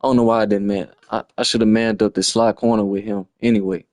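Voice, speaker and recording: A man's voice: fairly low pitch, little pitch movement, quick pace, darkish tone, dry recording, studio quality. A man, breaking down a lost football video game in a frustrated, slangy ramble on a livestream. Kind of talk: casual game replay breakdown.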